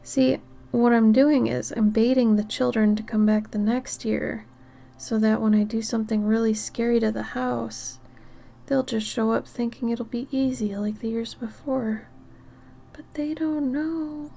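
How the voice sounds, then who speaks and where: A tired woman chatting casually with viewers while she draws on a livestream, soft-spoken and often dropping into half-whispered asides. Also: a little high, level tone, normal speed, vocal fry. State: tired, yawning. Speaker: art livestreamer. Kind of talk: casual chat while drawing on stream.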